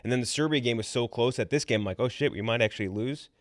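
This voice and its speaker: A man's voice: mid-range voice, fast talker, dry recording, clean studio sound. A man co-hosting a sports betting show, teasing his partner and rambling about games. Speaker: co-host. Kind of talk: casual sports chat.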